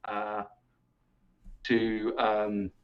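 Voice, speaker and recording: A man playing in an online tabletop game, slow and halting as he asks about the rules. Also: lowish voice, monotone, muffled recording. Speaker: player. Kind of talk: casual table talk during a game.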